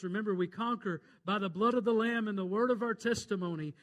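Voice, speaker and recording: High-voiced fervent preacher man. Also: a little fast, few pauses. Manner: fervent preaching, swings from loud to hushed; tells jokes and quotes scripture. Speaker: pastor. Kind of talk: sermon.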